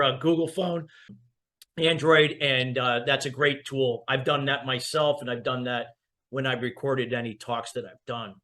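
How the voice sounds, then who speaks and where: A man's voice: mid-range voice, a bit bright. A man hosting an interview show, chatting casually and affirming his guest's points. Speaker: podcast host. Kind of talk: interview host chat.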